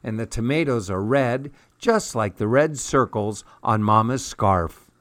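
A man's voice: medium pitch, expressive, a little slow, fairly bright tone, no room sound. Brief: encouraging picture-book father, voiced by a man reading aloud. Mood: coaxing.

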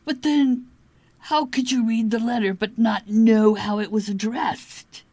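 A woman's voice: on the high side, fairly even intonation, unhurried, dark tone, no echo. A woman voicing a flustered young man who protests indignantly in a raised voice. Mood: protesting.

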